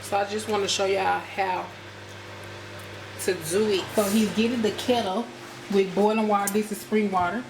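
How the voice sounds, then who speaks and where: An American woman who vlogs about cooking walks viewers through a home-cooked meal at a moderate pace, chatting away and calling them y'all. Her voice is middle-pitched, and her kitchen echoes with a steady hum of background noise beneath her.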